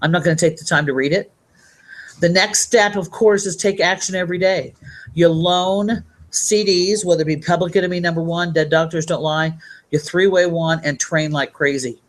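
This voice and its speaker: A woman's voice: on the low side, steady tone, moderate pace. A woman giving a motivational training talk to her team. She talks in an upbeat, rambling way and reads sayings aloud from a handout. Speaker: network marketing trainer.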